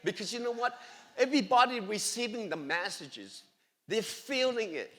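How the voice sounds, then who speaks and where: Excited high-voiced man giving a church testimony. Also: normal speed, a little hiss or hum. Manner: excited and emphatic, with broken grammar. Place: church sanctuary. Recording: long echoey church hall reverb.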